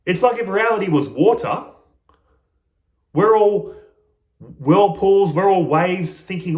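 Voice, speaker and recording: A man's voice: sits high, lively intonation, takes it slowly, pauses often, darkish tone, reverberant. A man speaking as a spiritual teacher in a reflective monologue, playful and often laughing at himself.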